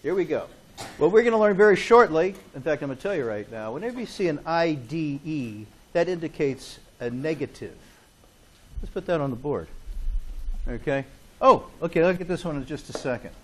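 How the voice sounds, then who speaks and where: Teaching chemistry to a room of students, this man talks a little fast in a slightly high voice with lively intonation. His manner is chatty and playful, and he keeps asking "okay?" to check they're with him.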